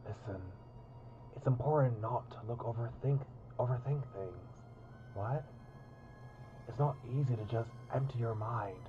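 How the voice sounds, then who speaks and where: A man voicing an energetic, childish young man who plays a pirate captain, using a put-on pirate accent with bold, playful delivery. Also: mid-range voice, a little slow, pauses often, muffled recording, soft background music, close to an everyday voice. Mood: coaxing. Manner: bold, boisterous storytelling.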